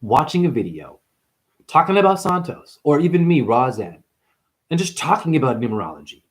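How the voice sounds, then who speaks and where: A man's voice: fairly high pitch, very animated, normal speed. A man hosting a numerology video, ranting to camera in a confrontational, preachy way and calling viewers honey. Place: apartment.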